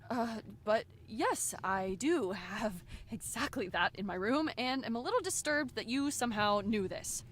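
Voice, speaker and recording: A woman's voice: fairly high pitch, animated, unhurried, few pauses. A sarcastic, teasing young woman. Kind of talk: game voice acting.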